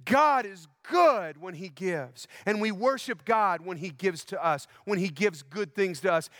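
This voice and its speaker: Male pastor, high-pitched and dry, preaching with emphatic repetition and questions to the congregation. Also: a bit bright, dry recording. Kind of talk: sermon. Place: church sanctuary.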